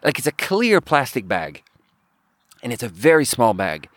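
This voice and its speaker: Guy on a podcast telling a story all loose and rambly, mid pitch, dry close sound. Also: normal speed, no echo. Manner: rambling, animated, laughing at his own story. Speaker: podcast host. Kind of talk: casual storytelling.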